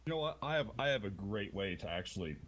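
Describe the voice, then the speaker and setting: Very deep-voiced joking man. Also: very animated, fast, fairly bright tone. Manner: playful, teasing, mock-seductive banter. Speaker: clan member in voice chat. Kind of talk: casual joking voice chat. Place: online voice chat.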